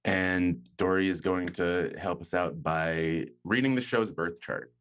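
Man, very low voice, podcast host, rambling, joking, a bit tipsy. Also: measured pace, fairly bright tone, smooth. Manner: rambling, joking, self-mocking. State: a little tipsy. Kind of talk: casual chat. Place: home, hot room without air conditioning.

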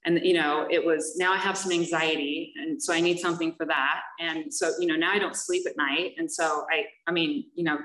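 Woman sharing a recovery testimony, halting and frank, fillers and wry laughs, slightly low voice. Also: fairly bright tone. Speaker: speaker sharing her recovery story. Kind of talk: personal testimony. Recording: echoey room, voice from a distance.

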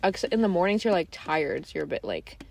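A woman's voice: lowish voice, lively intonation, a little fast, gravelly, a little mellow. A young woman, the show's editor, chatting casually on a podcast with friends and filling her talk with "like". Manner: chatty, peppered with "like", laughs often. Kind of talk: casual chat.

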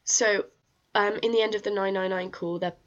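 In dull lo-fi audio, a woman from England co-hosts a true-crime podcast, chatting casually through a case with lots of fillers and false starts. She speaks at medium pitch, in a steady tone, at a moderate pace.

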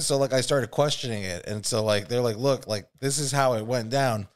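A man's voice: medium pitch, a little fast. Rambling, profane podcast host, a man. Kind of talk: casual storytelling chat.

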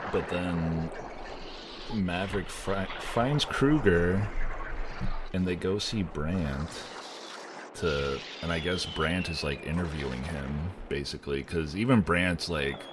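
Deep-voiced rambling young male podcaster. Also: slow, long pauses, background noise. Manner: rambling, profane, laughing. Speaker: podcast co-host. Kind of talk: casual film discussion.

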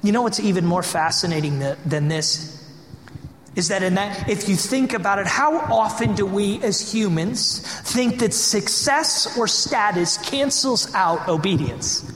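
A man's voice: high-pitched, a little slow, a bit bright, slight background noise. A man pastor delivering an impassioned, emphatic sermon full of rhetorical questions, in a church sanctuary. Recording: echoey hall with long reverb.

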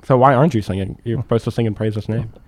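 A young man with a Texan accent in casual podcast chat, hesitant and halting as he talks. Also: medium pitch, a little mellow, no room sound. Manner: hesitant, many fillers and restarts.

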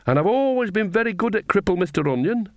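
A sly old witch woman bragging in a high, bouncy voice, as a man puts her on. She sounds quick to defend herself and full of mischief. The reading sits close and dry, with no room around it. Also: animated, darkish tone, no echo. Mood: defensive, boastful.

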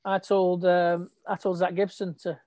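A woman chatting as a guest about wrestling, lively and opinionated. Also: lowish voice, measured pace, crowd noise. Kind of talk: casual chat about wrestling.

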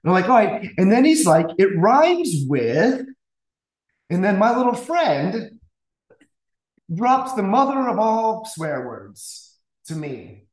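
A man telling a classroom story in a casual, animated way, acting out the voices he quotes, with stammering restarts. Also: high voice, unhurried. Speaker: guest music teacher. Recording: roomy echo.

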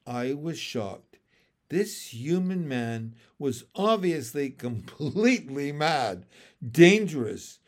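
A man reading a storybook aloud as its narrator, in an expressive, unhurried way. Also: medium pitch.

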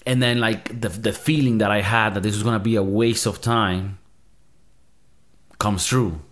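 A man's voice: lowish voice, steady tone, measured pace. A man hosting a movie review show, ranting in a casual, profane, exasperated way.

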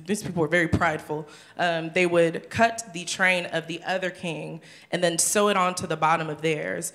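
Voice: mid-range voice, fairly bright tone. A co-host in a casual Bible study who reads scripture aloud and jokes by imagining the scenes. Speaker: co-host of a church discussion show.

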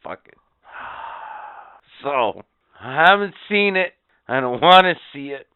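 Sarcastic swearing guy ranting on a podcast, smooth voice, dry tinny sound. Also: on the high side, very animated, slow pace, dry recording. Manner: profane, sarcastic storyteller. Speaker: podcast co-host. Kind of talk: crude casual chat.

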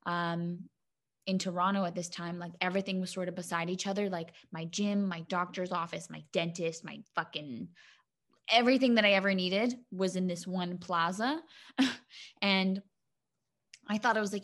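A woman's voice: on the low side, moderate pace. A young woman co-hosting a podcast, chatting casually, swearing freely and filling with "like" and "um". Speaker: podcast co-host.

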